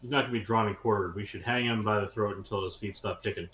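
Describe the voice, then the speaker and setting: A man's voice: on the low side, steady tone, fast talker, a bit bright. Blunt American man in a roomy, dull room. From United States. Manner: blunt, combative. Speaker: podcast co-host. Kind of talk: casual chat. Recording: roomy, dull remote audio.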